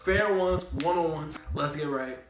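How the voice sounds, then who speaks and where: A man's voice: fairly high pitch, moderate pace, reverberant, music in the background, lightly acted. A man voicing a cold, ruthless woman general in a slangy, offhand way. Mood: challenging.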